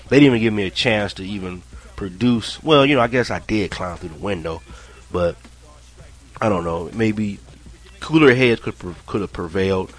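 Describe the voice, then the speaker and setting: A man's voice: on the low side, normal speed. A man telling a personal story in a casual, rambling way, swearing often and restarting his sentences. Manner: profane, rambling, animated retelling with many restarts.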